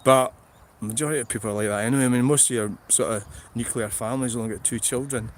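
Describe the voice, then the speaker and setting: A man's voice: mid-range voice, steady tone, fast talker. A middle-aged man with a Scottish accent, chatting bluntly and swearing on a rambling livestream from a field, laughing often. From Scotland. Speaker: vlogger. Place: outdoors in a field.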